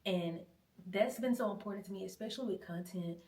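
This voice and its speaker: A woman's voice: medium pitch, a little fast, darkish tone, distant mic. Chatty woman vlogging in a roomy space. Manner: chatty and playful, laughs often. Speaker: vlog host. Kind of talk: casual chatty vlog. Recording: roomy, from off the mic.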